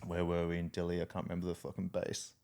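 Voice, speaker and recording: A man's voice: low-pitched, completely flat delivery, fast talker, creaky, darkish tone. An Australian man and army veteran telling a story in casual podcast chat, profane and laughing often.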